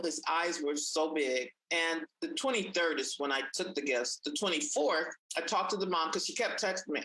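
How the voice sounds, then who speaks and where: A woman in conversation, telling a personal story with animated energy and acting out the voices of people she quotes. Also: moderate pace, hardly any pauses, low-quality recording. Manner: animated, acts out quoted voices, pitch jumps up in excited moments. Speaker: guest sharing a story.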